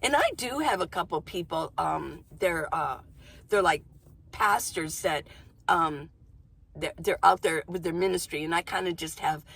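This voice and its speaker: Chatty gravelly-voiced woman vlogger. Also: on the low side, a bit bright. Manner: chatty, goofy, talks fast and laughs often. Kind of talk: rambling casual chat to camera. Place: inside a minivan.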